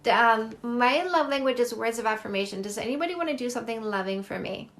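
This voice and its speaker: A woman's voice: fairly high pitch, expressive, fairly bright tone. A middle-aged Canadian woman, a dating coach hosting a live stream on her phone, chatting casually and gushing over viewer comments. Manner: effusive, gushing, quick and chatty.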